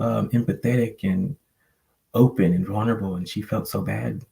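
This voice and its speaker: A man's voice: lowish voice, fairly even intonation, moderate pace, gravelly, warm tone, poor audio. A man telling a personal story on a live panel, reflective and rambling with many fillers. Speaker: panel guest. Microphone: online call microphone.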